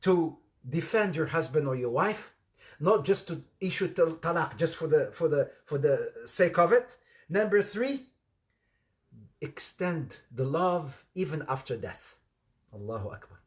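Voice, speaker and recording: An Islamic preacher with a high male voice gives an informal sermon full of funny anecdotes, speaking at an unhurried pace. He tells his stories with animation, blending English with Arabic phrases, laughing at his own tales and performing the voices of the people he quotes.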